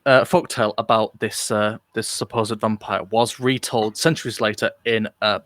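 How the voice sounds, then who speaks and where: A man's voice: lowish voice, fairly bright tone, no echo. A man from Britain co-hosting a podcast live, chatting casually, rambling with lots of fillers and restarts, joking along. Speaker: podcast co-host. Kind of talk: casual chat. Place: live online podcast recording.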